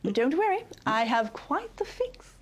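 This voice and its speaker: A woman's voice: sits high, sing-song, unhurried, very noisy. A woman playing a prim, proper magical nanny figure on a children's TV show. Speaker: children's TV character.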